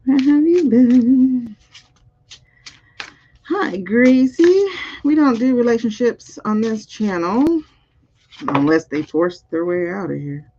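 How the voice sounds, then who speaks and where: Woman reading cards on a livestream, thinking out loud and talking to chat, kinda raspy, low hiss behind. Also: animated, measured pace. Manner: muses aloud over the cards, chatting with viewers. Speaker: spiritual card reader. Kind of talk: live-streamed card reading. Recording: dull, muffled audio.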